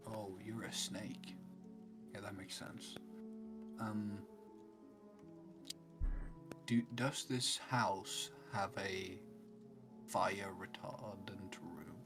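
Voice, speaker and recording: Male player, hesitant, starts and restarts, lowish voice, music bed. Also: fairly even intonation, drawn-out words, long pauses. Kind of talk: casual tabletop game play over an online call. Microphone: home mic on an online call. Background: background music.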